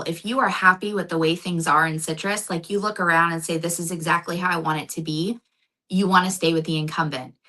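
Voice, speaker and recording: A woman's voice: lowish voice, bright, forceful tone, low-quality recording. A woman running for local office, talking earnestly in a casual interview and telling stories. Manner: earnest, storytelling. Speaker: county commission candidate.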